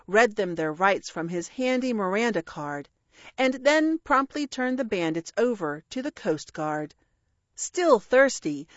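A woman reading a rhyming children's story aloud with a measured, expressive delivery. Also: a little high, dry recording, lo-fi sound. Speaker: narrator.

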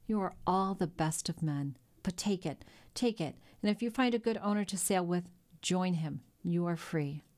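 A woman voicing a kindly, ruined older male shipowner who speaks in a gentle, melancholy way in a storybook reading. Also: on the low side, moderate pace, natural voice. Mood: sad.

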